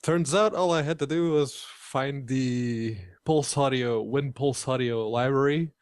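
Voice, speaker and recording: A man's voice: mid-range voice, darkish tone, dry recording, clean studio sound. A man from Portugal co-hosting a gaming podcast, explaining a technical fix in a laid-back way. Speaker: podcast co-host. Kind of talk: casual podcast banter.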